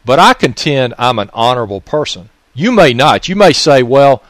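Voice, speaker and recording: Loud scolding Mississippi man. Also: mid-range voice, sing-song, normal speed, no room sound. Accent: Southern US, Mississippi. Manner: raises his voice, scolds listeners with repeated questions; uses profanity. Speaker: political commentator. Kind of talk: angry political monologue.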